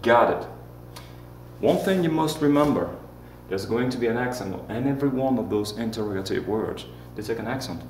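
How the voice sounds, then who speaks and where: A man's voice: medium pitch, moderate pace. A man teaching a lesson, playful and joking, leading repeat-after-me drills. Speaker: Spanish teacher. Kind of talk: classroom lesson. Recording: roomy echo with faint hum.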